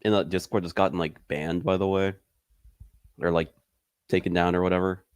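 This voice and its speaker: A man's voice: low voice, level tone, moderate pace, clean tone, no room sound, studio quality. A man in casual conversation, talking loosely with lots of fillers and frequent laughs. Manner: loose and rambling, heavy on fillers, laughs often. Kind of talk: casual chat.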